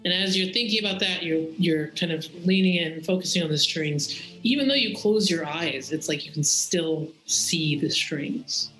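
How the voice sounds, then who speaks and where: A game master describes a dreamlike scene in slow, vivid detail. The voice sits at a middle pitch and echoes in a roomy space, with faint music underneath. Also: fairly bright tone. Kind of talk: tabletop game narration. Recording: roomy echo.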